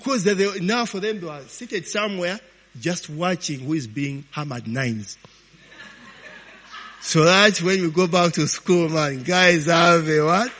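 A man preaching, telling stories in an animated, informal sermon, often tagging lines with "eh?". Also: a little high, a little slow. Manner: animated, peppers talk with "eh?" and laughs. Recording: long hall reverb.

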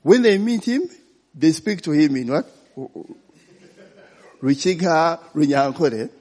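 A pastor with a slightly high, expressive, somewhat mellow voice preaches slowly in a long hall reverb. His sermon is informal and chatty, peppered with check-ins like "eh?" and "okay?".

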